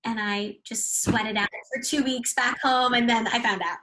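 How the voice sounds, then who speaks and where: Bubbly young American woman, bright voice. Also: fairly high pitch, expressive, low-quality recording. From United States. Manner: bubbly, fast-rambling storyteller with frequent laughs and filler likes. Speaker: actress, interview guest. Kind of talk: casual interview chat.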